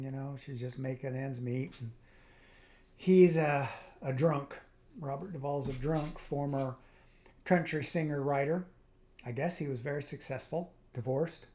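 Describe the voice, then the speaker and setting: A man's voice: mid-range voice, warm tone. A man hosting his own video, talking through a reflective spiritual monologue in a rambling way, with frequent restarts and trailing asides. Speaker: video host.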